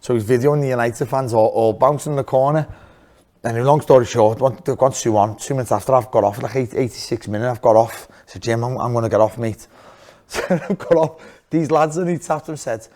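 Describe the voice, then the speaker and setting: A man's voice: mid-range voice, brisk, warm tone. A man co-hosting a podcast, laughing as he tells a story. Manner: laughs through his own stories. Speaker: podcast co-host. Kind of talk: casual storytelling chat.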